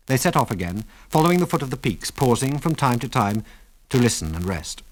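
Male narrator, storybook reading, measured, dramatic, animated pitch.

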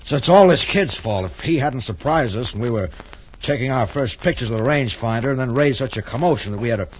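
A man's voice: medium pitch, animated, fairly quick, a little hiss or hum, natural voice. A sneering, mock-friendly spy played by a man. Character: oily, mocking male spy. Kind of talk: 1940s radio acting. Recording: muffled old radio recording.

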